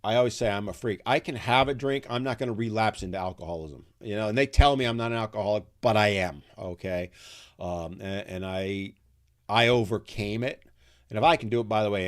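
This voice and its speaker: Low-ish voiced guy around 60 hosting a live chat, reads comments, rambles candid w lots of ums. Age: 60s. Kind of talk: casual chat reading viewer comments.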